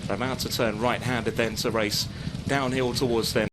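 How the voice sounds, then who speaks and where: A man calls a horse race live, keeping a steady flow of commentary. His voice sits at an ordinary middle pitch for a man. Clear outdoor and vehicle noise runs underneath the recording. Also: moderate pace. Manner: steady running call of the field.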